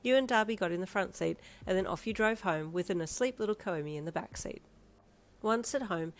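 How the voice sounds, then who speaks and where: A woman narrating a second-person fanfiction audio story in an even storytelling manner. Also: mid-range voice. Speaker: fanfiction reader.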